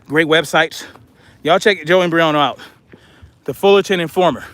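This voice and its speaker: A man with a high voice talks to his viewers outdoors as he hikes uphill with a weighted pack. He sounds out of breath and is blunt and chatty, calling them y'all. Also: fairly bright tone, no room sound. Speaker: vlogger. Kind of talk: casual monologue while hiking. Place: outdoors on a hiking trail.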